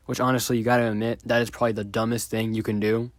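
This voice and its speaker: A man retelling a chat exchange in a sarcastic, deadpan commentary style. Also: on the low side, quick pace, dry recording, clean studio sound. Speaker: video creator.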